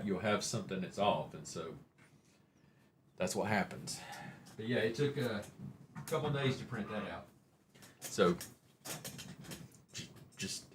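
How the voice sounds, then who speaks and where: A man's voice: low-pitched, a little hiss or hum. A man with a Southern Oklahoma accent who hosts a casual live stream, chatting with viewers in a rambling, folksy, joking way. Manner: rambling and folksy, jokes with chat, says y'all.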